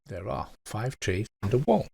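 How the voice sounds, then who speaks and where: A man's voice: lowish voice, very animated, normal speed, vocal fry, dark tone, slightly rough. A man running a tabletop game as game master, describing scenes casually. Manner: casual, descriptive, swears now and then.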